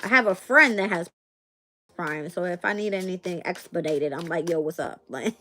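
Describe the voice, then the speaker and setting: A woman's voice: on the low side, moderate pace, sharp tone. Blunt, profane woman streamer. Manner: blunt and profane, with frequent laughs. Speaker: tarot reader and live-stream host. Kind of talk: casual live-stream chat and tarot reading.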